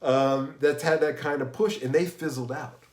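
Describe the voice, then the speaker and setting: A man's voice: on the high side, steady tone, moderate pace, darkish tone. Man, live-stream host, rambling, tired and a bit sick, roomy echo. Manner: rambling, with many restarts and greetings to viewers. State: unwell and tired. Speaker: livestream host. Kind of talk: casual live-stream chat about music.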